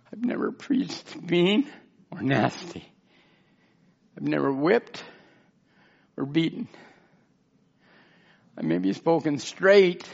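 A man's voice: high-pitched, creaky, lo-fi sound. A man preaching an emotional, rambling sermon as pastor in a church, pleading and often near tears. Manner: tearful, pleading, rambling with restarts.

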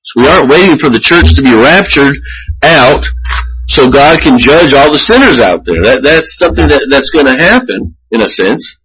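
A man preaching a sermon as pastor, earnest and measured, often restarting his phrases. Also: mid-range voice, sing-song, a bit bright, husky, poor audio.

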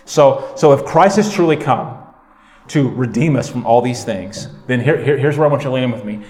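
A man preaching a lively sermon in a church, his medium-pitched voice carrying with a roomy echo. He shifts between conversational asides and emphatic points, often checking in with the congregation. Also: moderate pace. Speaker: pastor. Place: church sanctuary.

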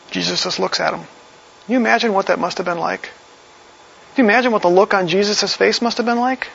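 A man's voice: high voice, gravelly, a bit bright. A man preaching a sermon in a conversational way, reading verses aloud and explaining them. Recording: slightly dull lo-fi recording.

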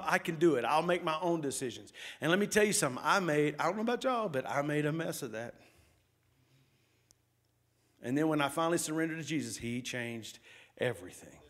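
A middle-aged man preaching from the pulpit, his voice sitting a bit higher than most men's. He talks to the congregation like a friend, then climbs into fervent calls for them to answer him. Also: fairly bright tone. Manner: conversational preaching, rising to exhortation. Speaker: lead pastor. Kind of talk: sermon. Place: church sanctuary.

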